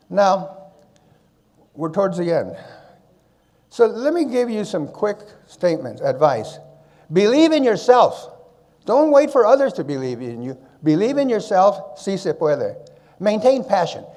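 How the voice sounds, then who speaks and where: An older man giving a conference keynote, telling stories and handing out advice, with a habit of tagging his points with "okay?". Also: fairly high pitch. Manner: animated, tag question "okay?" after points. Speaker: conference speaker. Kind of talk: storytelling keynote talk.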